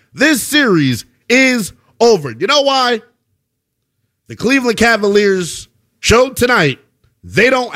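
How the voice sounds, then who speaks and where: A man hosting a post-game basketball show, giving emphatic, animated analysis and repeating points for effect. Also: high voice. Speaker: sports show host.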